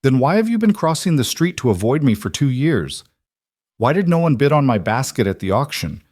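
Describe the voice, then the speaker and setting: A man with a fairly low, expressive voice and a darkish tone voices a grieving widow, proud and firm, at a moderate pace. Hurt but firm, she raises her voice, pleading and then turning defiant. The recording is dry and studio quality.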